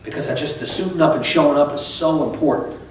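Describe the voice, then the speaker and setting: A man's voice: on the high side, fast talker, a little hiss or hum. A middle-aged male pastor delivers a sermon in a chatty, unpolished way, looping back on his phrases and breaking off for asides. His voice rings through a very echoey sanctuary, picked up from some distance away. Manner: conversational preaching with many restarts and asides. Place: church sanctuary. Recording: echoey church from far off.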